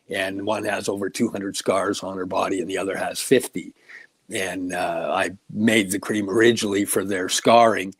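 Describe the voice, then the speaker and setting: A man's voice: lowish voice, no room sound. A man co-hosting a casual podcast chat, telling long earnest stories. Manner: earnest, rambling storyteller. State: getting emotional.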